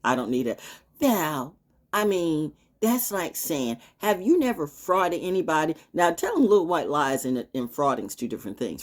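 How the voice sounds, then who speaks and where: A woman's voice: low voice, sing-song, moderate pace. A middle-aged woman hosting a talk show, rambling in a casual monologue, laughing often.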